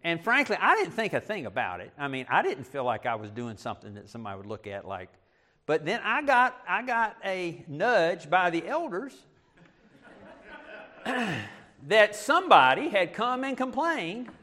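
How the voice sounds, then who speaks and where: A middle-aged male pastor preaching a sermon, animated, with self-deprecating asides. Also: high-pitched, moderate pace.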